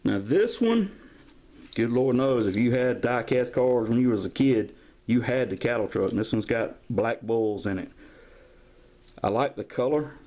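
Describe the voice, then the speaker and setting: A man's voice: medium pitch, animated, measured pace, darkish tone. Man, 50s, home collector vlog, folksy and rambling, chatty camera-mic sound. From Georgia, US. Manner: rambling, folksy, drifts into stories. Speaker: toy collector vlogger. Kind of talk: casual show-and-tell collection vlog. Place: at home, filming toys on camera.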